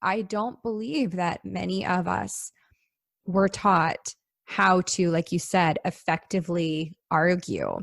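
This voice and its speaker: A woman hosting an interview, thoughtful and hesitant, with many pauses and fillers. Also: lowish voice, lively intonation, vocal fry, dry recording, clean studio sound. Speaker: podcast host. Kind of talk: conversational interview.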